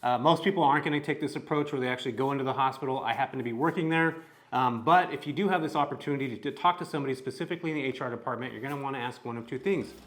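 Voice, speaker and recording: Young Californian guy, casual upbeat vlogger, mid-pitched and chatty. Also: racing, fairly bright tone. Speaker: real estate vlogger. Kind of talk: casual vlog to camera.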